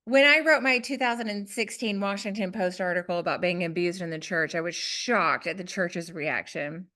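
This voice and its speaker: A woman with a Southern US accent, a guest author telling a personal story in an animated, self-deprecating way in a podcast interview. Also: on the low side, normal speed.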